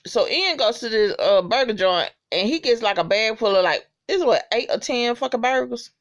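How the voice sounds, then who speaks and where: Animated, profane woman recapping TV. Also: a little high, normal speed. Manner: animated, expressive, swears freely, reacts with disgust. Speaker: TV recap vlogger. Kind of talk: casual profane episode recap.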